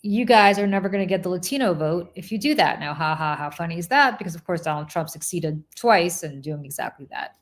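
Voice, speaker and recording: A woman's voice: on the low side, a little fast, few pauses. A woman hosting a casual chat, telling a long story with laughter and acted-out quotes. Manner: animated, laughing, acts out quoted voices. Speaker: podcast host.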